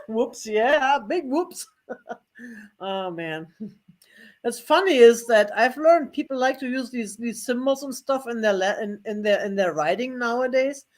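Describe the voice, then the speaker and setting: A woman's voice: fairly high pitch, expressive, a little slow. A woman hosts a live vintage sale online, talking to viewers in a rambling, friendly chat. She laughs often and pokes fun at herself between comments on the items. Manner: chatty, laughs often, self-deprecating asides.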